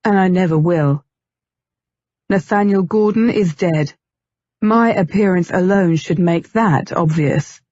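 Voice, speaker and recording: A woman's voice: on the low side, slow, warm tone, dry recording, dull audio. A woman voicing a gloomy, frustrated young man returned from death, in an audiobook reading. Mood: brooding.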